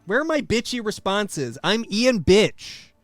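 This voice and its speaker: A young man streaming a game, giving live commentary with sarcastic, deadpan jokes. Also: sits high, a little slow, dry recording, faint music behind.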